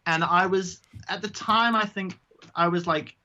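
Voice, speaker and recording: Male drag queen guest, casual and self-mocking, bright voice on slightly dull audio. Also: high voice, measured pace. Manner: chatty, self-mocking, slips into silly voices. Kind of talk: casual interview chat.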